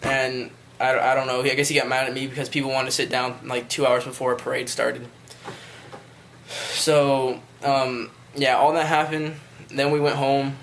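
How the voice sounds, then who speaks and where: A man's voice: medium pitch, flat delivery, normal speed, fairly bright tone, slight background noise. Rambling young guy telling a story. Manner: rambling, loose, with frequent swearing. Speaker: vlogger. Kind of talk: casual storytelling rant.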